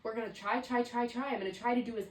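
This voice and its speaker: A woman's voice: a little high, fairly even intonation, fast, roomy sound, distant mic, rough recording. A woman in her twenties hosting a solo podcast, talking reflectively and rambling with lots of "like.". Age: 20s. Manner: reflective, rambling, heavy use of "like". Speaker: podcast host. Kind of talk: casual solo podcast monologue.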